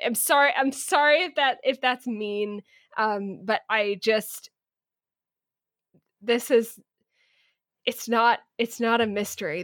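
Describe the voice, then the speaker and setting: A woman co-hosting a podcast, giving firm opinions in a halting, deliberate way. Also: mid-range voice, no room sound, studio quality. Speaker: podcast co-host. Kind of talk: casual book discussion.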